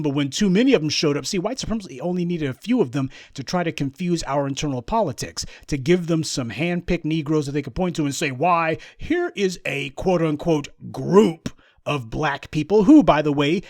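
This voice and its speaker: A man with a fairly high voice delivers sarcastic political commentary, sliding into mocking imitations. The sound is dry and close, with no room around it. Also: darkish tone, dry recording. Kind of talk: monologue commentary on news clips.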